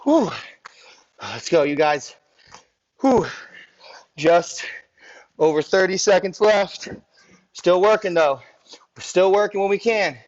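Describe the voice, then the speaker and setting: A man coaching a live workout, out of breath as he counts reps, whoops encouragement, then calmly talks through breathing and stretches. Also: sits high, takes it slowly, pauses often, muffled recording. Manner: energetic cheering and counting reps, then calm cool-down cues. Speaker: fitness coach.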